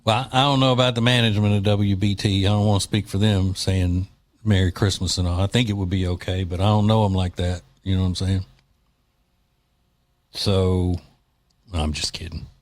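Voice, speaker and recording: A man's voice: fairly low pitch, level tone, fast. A man hosting a talk radio show, speaking in a loose, joking, opinionated way with plenty of fillers, recorded on a studio mic.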